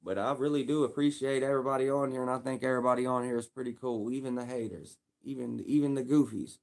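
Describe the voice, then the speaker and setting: A man's voice: medium pitch, steady tone, quick pace. Casting note: young Louisville, Kentucky man, casual livestream rambler, streetwise slang, repetitive.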